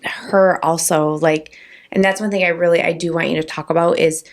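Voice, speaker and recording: Lower-voiced woman hosting a podcast. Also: fairly even intonation, a little hiss or hum. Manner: searching, halting phrasing with many fillers. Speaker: podcast host. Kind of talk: podcast conversation.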